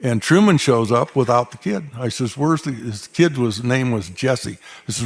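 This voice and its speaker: A man's voice: mid-range voice, expressive, normal speed, vocal fry, breathy edge. An older man from Arizona, telling cowboy stories onstage in a folksy, dry-humored drawl. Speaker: cowboy storyteller. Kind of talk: onstage storytelling. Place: stage before a live audience.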